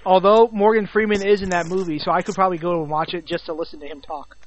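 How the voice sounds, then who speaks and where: A man co-hosting a podcast, easygoing and quick to laugh in casual chat. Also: high-pitched, fairly even intonation. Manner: chatty, giggly, laid-back. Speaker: podcast co-host. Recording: dull lo-fi sound.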